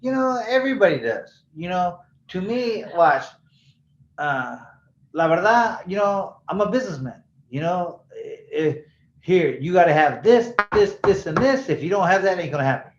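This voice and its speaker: A man's voice: high voice, big pitch swings, moderate pace. A middle-aged man, a bail bondsman, telling stories loosely in a casual interview and acting out the voices of people he quotes. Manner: loose, rambling storyteller who acts out quoted voices. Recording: roomy, dull-sounding room.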